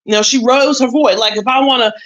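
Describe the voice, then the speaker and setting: Woman YouTube commentator, casual storyteller, slightly high voice, emphatic and repetitive. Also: steady tone, fast, muffled recording. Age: adult with a son.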